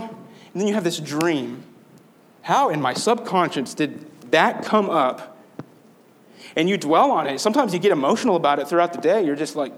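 Earnest man preaching in a slightly higher voice. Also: animated, normal speed. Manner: earnest, conversational preaching with rhetorical questions. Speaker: pastor. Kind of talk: sermon.

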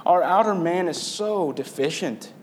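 A man preaches with a slightly raised pitch, earnest and conversational as he talks with his congregation. He keeps asking rhetorical questions to draw his listeners in. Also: measured pace. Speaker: pastor. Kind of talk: sermon.

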